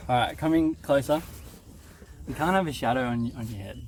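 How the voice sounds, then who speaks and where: A man's voice: medium pitch, normal speed, background noise. An Australian man and waterski coach holding a casual, joking interview outdoors by a lake, with frequent ums. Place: outdoors by a lake on a sunny day. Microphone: video camera on site.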